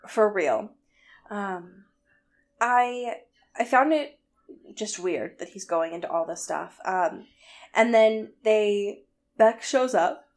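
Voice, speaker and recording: A young woman talks through a book she dislikes, sarcastic and blunt, peppering her talk with "um" and "like" and the odd swear word. Her voice sits in a middling range and is relaxed. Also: mid-range voice, slow, long pauses. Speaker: podcast co-host. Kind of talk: casual book discussion.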